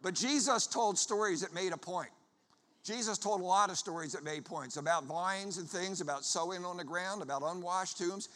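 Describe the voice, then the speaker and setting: Man, high bright voice, traveling preacher, joking storyteller sermon, long church-hall reverb. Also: normal speed. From Philadelphia area. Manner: lively storyteller, jokes with the crowd. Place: church before a congregation.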